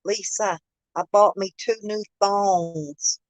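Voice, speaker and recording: A woman's voice: mid-range voice, steady tone, takes it slowly, dry recording, rough recording. A woman, chatting casually with viewers on a live stream, laughing often and calling them by name. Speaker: host of a live chat stream. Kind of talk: casual chat. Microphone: phone.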